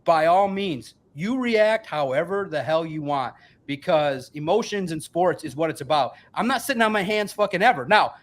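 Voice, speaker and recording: A man in his forties with a high-set voice holds forth in a casual sports podcast chat. He is emphatic, rambling and heavily profane, sounding a little tipsy from a couple of beers. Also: expressive, moderate pace. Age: 40s. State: a bit tipsy from beer.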